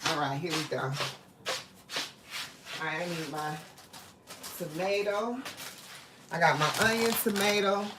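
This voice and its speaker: A woman's voice: lowish voice, slow, long pauses, very noisy. A woman hosting a casual live cooking stream in her home kitchen, chatting to viewers and calling them "baby" and "y'all". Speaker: livestream host.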